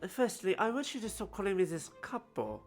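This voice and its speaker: A woman's voice: mid-range voice, sing-song, a little fast, soft background music, lightly acted. A woman voicing a pompous young French nobleman with a put-on French accent, reading game dialogue aloud. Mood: stern.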